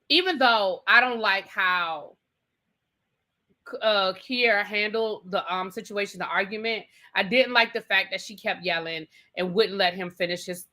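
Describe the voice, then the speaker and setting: Bright-voiced, opinionated woman co-host. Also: mid-range voice. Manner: opinionated, emphatic, addresses people directly. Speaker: podcast co-host. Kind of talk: casual recap chat.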